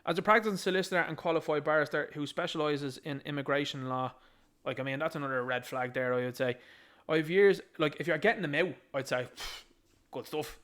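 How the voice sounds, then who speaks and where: A man's voice: on the high side, a little fast, fairly bright tone. A man with an Irish accent giving a combative, sarcastic political rant, mocking what he reads aloud. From Ireland. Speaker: political commentator.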